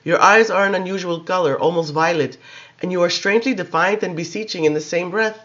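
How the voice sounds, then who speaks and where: A man's voice: high-pitched, dull audio. A man voicing a coldly polite ancient vampire. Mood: contemptuous. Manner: slow, gentle, contemptuous. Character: ancient male vampire in a young boy's form, cold and polite.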